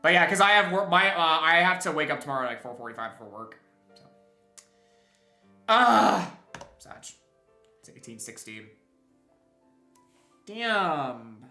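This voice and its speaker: A young man streams a game and chats casually, rambling with lots of restarts and chuckles. His voice is fairly high and animated, with a sharp tone, a measured pace, and frequent pauses. Soft music plays behind him, and the room gives a roomy echo.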